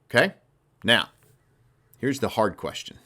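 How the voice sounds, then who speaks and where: A man hosting a motivational sales podcast, talking in an emphatic, energetic, conversational way. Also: lowish voice, unhurried, slightly rough. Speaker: sales coach and podcast host.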